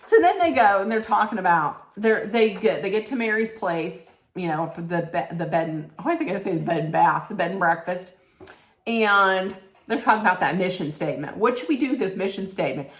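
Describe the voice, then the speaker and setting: A woman's voice: medium pitch, expressive, brisk, echoey room. A woman giving a snarky, blunt recap straight to her viewers, emphatic and sarcastic. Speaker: reality TV recap vlogger.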